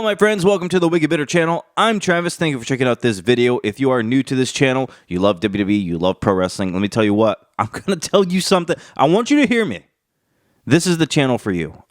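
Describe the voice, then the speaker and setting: A man hosting his wrestling channel with casual vlog commentary. He talks with energy and emphatic, animated jumps in pitch, and his voice is stuffy and congested from a cold. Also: no echo, clean studio sound.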